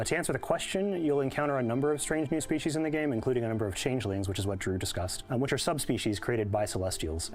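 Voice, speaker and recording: A man's voice: mid-range voice, darkish tone. A man, a game developer, explaining his game's story and structure in a prepared promotional interview. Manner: clear, explanatory, well-prepared.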